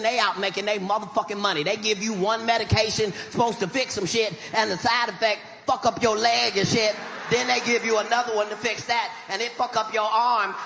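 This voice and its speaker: A man doing a profane stand-up rant with emphatic, shouted punchlines. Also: high-pitched, vocal fry. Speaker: stand-up comedian. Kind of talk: stand-up routine. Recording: reverberant arena with audience noise.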